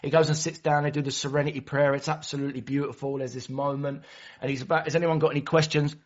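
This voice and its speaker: A man's voice: fairly high pitch, flat delivery, fast talker. A man giving a passionate, storytelling share at a recovery meeting, sometimes acting out other people's voices. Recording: dull lo-fi recording.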